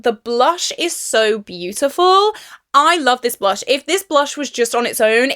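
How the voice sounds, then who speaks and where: A woman's voice: a little high, a bit bright. A young woman chatting through a makeup review vlog, emphatic and exasperated about a product. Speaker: beauty YouTuber.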